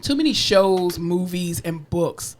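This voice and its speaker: Young woman co-host, casual podcast chat, lively swooping pitch, emphatic delivery, laughs often. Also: takes it slowly.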